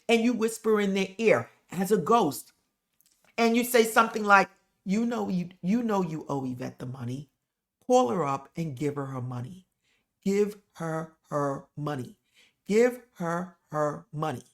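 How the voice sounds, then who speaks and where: Woman, spiritual teacher, direct coaching delivery, very animated pitch. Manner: direct, coaching, often checks in with the listener. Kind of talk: instructional talk to camera.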